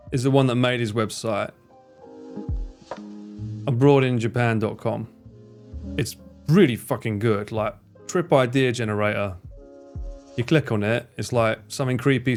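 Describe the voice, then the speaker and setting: Male streamer, casual reaction chat, mid-pitched, chatty and easily amused. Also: normal speed, pauses often, soft background music.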